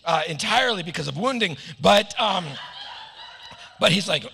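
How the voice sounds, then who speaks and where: A man's voice: high-pitched, lively intonation, moderate pace, creaky, pushed and bright, husky. A middle-aged American man preaching a sermon, telling stories with joking asides. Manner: joking asides, playful storytelling. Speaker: pastor. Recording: long hall reverb.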